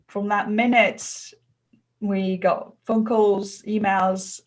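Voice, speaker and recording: A middle-aged woman from France with a French accent, speaking as an interview guest in an earnest, animated way, often laughing between phrases. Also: medium pitch, slow, low-quality recording. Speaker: guest, customer experience consultant. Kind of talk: interview conversation.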